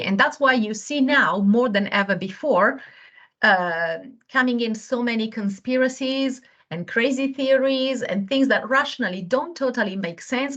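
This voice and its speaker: A woman's voice: on the high side, fairly bright tone. A woman who is not a native English speaker, a guest on a webinar, explaining earnestly from home and searching for words now and then. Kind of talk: explanatory talk. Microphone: video call.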